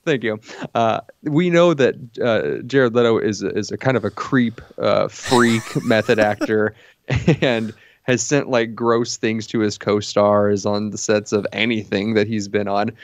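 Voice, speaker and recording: A man co-hosting a movie podcast, reviewing films in an animated, casual way with lots of restarts and laughs. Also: on the low side, measured pace, no echo, studio quality. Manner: animated, stumbling restarts, laughs while talking. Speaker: podcast co-host.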